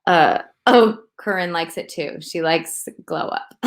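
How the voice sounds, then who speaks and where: A woman co-hosting a casual chat, talking in an animated, rambling way and often laughing. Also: lowish voice, slow. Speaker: co-host.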